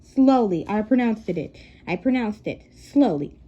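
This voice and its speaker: A woman reads a novel aloud in a high, mellow voice, stumbling over words and correcting herself. She breaks off for chatty asides to her listeners. The recording sounds dull and lo-fi. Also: expressive, measured pace, breathy edge. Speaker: reader.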